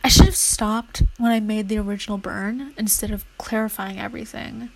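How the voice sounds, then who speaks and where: A woman's voice: mid-range voice, steady tone, fairly quick, vocal fry, poor audio. A young woman vlogging casually while studying, rambling and chatty, now and then murmuring her notes half under her breath.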